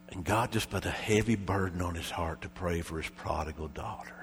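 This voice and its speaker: A man preaching a sermon, telling a story and then swinging between loud fervent passages and quiet, intense ones. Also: low-pitched, long reverb tail, slight background noise. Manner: swings from shouted fervor to hushed intensity.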